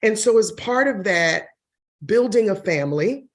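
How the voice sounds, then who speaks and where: A woman in her forties, a real estate broker and TV host, telling her career story in an interview, expressive and quick to laugh. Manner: expressive, laughs often, shifts pitch when quoting others. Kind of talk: interview answer, personal story.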